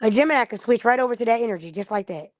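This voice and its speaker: A woman's voice: on the high side, expressive, rapid-fire, no echo, studio quality. A woman streamer in a casual live-stream monologue, blunt and profane, acting out the people she quotes.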